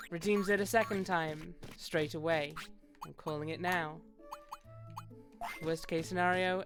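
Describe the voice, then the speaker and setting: A woman streaming a video game, chatting with viewers in a playful put-on tough New York voice, laughing often. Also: lowish voice. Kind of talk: casual gameplay commentary.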